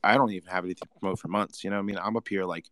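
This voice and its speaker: A man hosting a podcast, chatting casually and telling stories in an animated way full of "like". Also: low voice, dry recording. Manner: animated, quick storytelling with lots of "like". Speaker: podcast host. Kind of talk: casual conversation.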